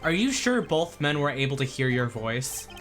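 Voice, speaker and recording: A woman's voice: very deep voice, sing-song, normal speed, soft background music. A woman voicing an earnest young male defense attorney who questions a witness. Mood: questioning.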